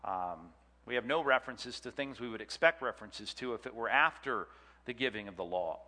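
A man's voice: mid-range voice, lively intonation, fairly quick, sharp tone. A man teaching a Bible class, chatty and joking, quizzing the audience. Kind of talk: classroom lecture with audience questions. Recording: long hall reverb.

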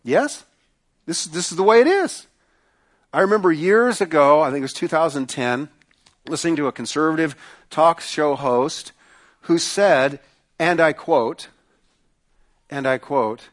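A male pastor preaching a sermon, emphatic, repeating phrases and slowing down to stress points. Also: on the high side.

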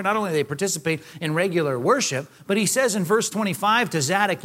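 A man preaching a sermon, conversational and animated, acting out voices from the scripture. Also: high voice, brisk, few pauses. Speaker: pastor.

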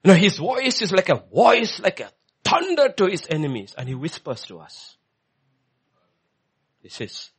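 A male preacher giving a sermon, swinging between hushed lines and loud emphatic ones. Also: medium pitch, expressive, moderate pace, long pauses, husky.

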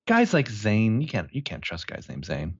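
Lively jokey guy in his thirties on a podcast, pitch jumps all over, kinda dull dry sound. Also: normal speed, creaky, breathy edge, no room sound. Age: 30s. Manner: animated, jokey, swears freely. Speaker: podcast co-host. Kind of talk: casual chat recapping a book.

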